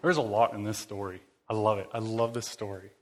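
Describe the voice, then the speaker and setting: A man's voice: fairly low pitch, little pitch movement, brisk. Man, preacher, casual rambling talk, informal sermon. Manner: rambling, informal, full of "like" and fillers.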